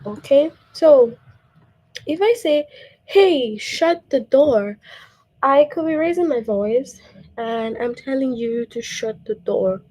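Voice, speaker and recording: A woman's voice: sits high, unhurried, warm tone, low-quality recording. A woman teacher giving a patient grammar lesson to young children, checking in with "okay?" and reading example sentences aloud.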